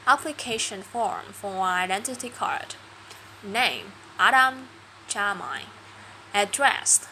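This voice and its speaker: Woman reading a practice story out loud, bright voice, slow careful delivery, faint hiss behind. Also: fairly high pitch, expressive, low-quality recording. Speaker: reader. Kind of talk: reading a graded story aloud for pronunciation practice.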